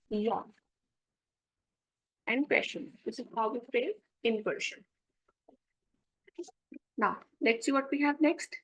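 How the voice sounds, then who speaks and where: A woman teaching French grammar. She explains step by step, says French phrases slowly and then translates them. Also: sits high, a bit bright, dull audio. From India. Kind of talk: classroom explanation.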